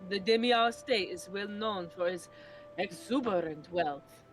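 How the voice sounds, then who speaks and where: A streamer reading as a lazy male falcon detective in a bird-lawyer game, grumbling and drowsy, in an everyday mid-pitched voice. he sounds fond of his wine and in no hurry to get out of bed. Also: a little slow, faint music behind, lightly acted. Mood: groggy, lazy.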